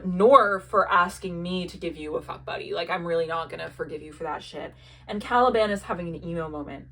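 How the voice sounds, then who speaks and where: A young woman with a slightly low voice tells a story in a loose, chatty way, her sentences full of filler words. She swears freely and adds dry, sardonic asides as she goes. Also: fairly bright tone. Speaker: TV recap video maker. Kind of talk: casual plot recap.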